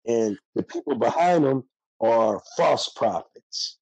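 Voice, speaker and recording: A man's voice: medium pitch, expressive, takes it slowly, darkish tone, breathy edge, no echo, poor audio. An older man, a former prisoner, speaking bluntly and heatedly in a candid interview with a streetwise manner.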